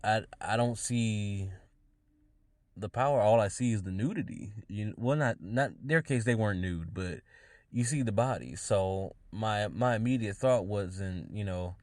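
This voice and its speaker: Man, low voice, dry close sound, halting solo commentary, frequent restarts. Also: a little mellow, no echo. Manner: halting, restarts phrases often, musing aloud. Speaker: podcast host.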